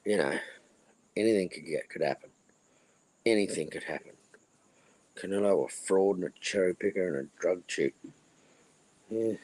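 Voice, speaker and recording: Husky man, crude rambling chat. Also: deep voice, darkish tone, low-quality recording. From Australia. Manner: rambling, crude, repeats phrases. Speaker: livestream host. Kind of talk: casual livestream chat.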